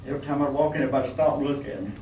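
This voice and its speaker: A man's voice: medium pitch, very fast, mellow, far from the mic, a little hiss or hum. A man preaching a folksy sermon, calling out for amens from the congregation. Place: church. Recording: echoey church room, mic from afar.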